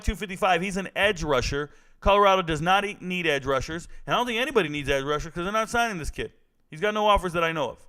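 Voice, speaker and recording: A man with a high-pitched voice runs through football players in loose, casual commentary. He is blunt and joking, with a trash-talking edge. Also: a bit bright. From Southern California. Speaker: sports commentary host.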